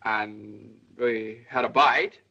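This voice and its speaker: Young man, 1930s film, hesitant, stammering, bright tone, dull old soundtrack. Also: fairly low pitch, steady tone, extremely slow, creaky, full character voice. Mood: sheepish. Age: young adult. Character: young, flustered newlywed son.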